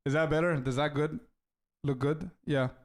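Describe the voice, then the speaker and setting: A young man with a voice on the high side streams, chatting casually with viewers and thanking donors. He laughs often, stumbles into restarts, and keeps saying bro and dude.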